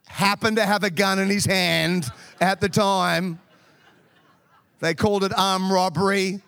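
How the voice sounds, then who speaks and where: A man's voice: sits high, fairly even intonation, unhurried, gravelly, fairly bright tone, smooth, dry recording. A middle-aged Australian man preaching a sermon through humorous, self-deprecating stories from his youth. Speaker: pastor. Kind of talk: storytelling sermon.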